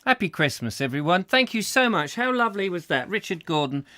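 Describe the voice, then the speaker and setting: A man's voice: high-pitched, sing-song, brisk, sharp tone, dry recording, clean studio sound. A man hosting a casual chat show, reading out viewer comments in a rambling, jokey way with many fillers. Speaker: host.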